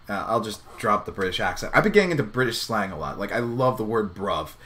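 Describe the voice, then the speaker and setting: A man giving live, chatty reaction commentary on an anime episode, excitable and thinking aloud with lots of fillers. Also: fairly low pitch, fairly quick, hardly any pauses.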